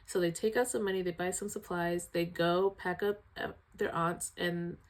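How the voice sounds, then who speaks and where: Female film reviewer, casual and animated, emotional with frequent sighs. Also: lowish voice, moderate pace. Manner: emotional, sighing, animated retelling.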